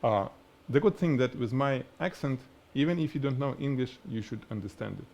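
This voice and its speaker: A man with a heavy Russian accent teaches lighting on a live show. His pitch sits right in the middle for a man. He talks in a lively, hands-on way and works through a demonstration as he goes. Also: a little fast, gravelly. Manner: animated, explains by demonstrating, laughs at himself. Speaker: photography instructor. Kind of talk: live-stream photography lesson.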